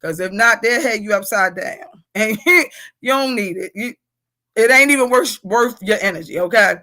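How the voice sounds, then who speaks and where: A woman's voice: medium pitch, normal speed. A middle-aged woman leading a casual leadership workshop, reading out comments and laughing with the group. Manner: animated, laughing, talks to the group as y'all.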